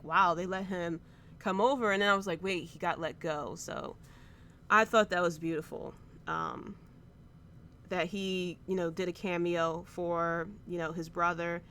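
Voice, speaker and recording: A woman's voice: lowish voice, pushed and bright, a little hiss or hum. A woman in her thirties hosting a casual podcast, recapping a show in an emotional, rambling way with lots of fillers. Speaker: podcast host. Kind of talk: casual wrestling podcast chat.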